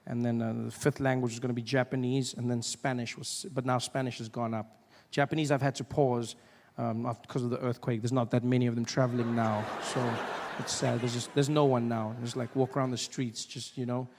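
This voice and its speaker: A young man from Africa, performing an animated stand-up routine in a live venue and breaking into shouted voices. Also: medium pitch, brisk, big-room sound, slight background noise. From South Africa. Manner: animated, acts out voices with sudden shouts and laughs. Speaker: stand-up comedian. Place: live comedy venue with audience.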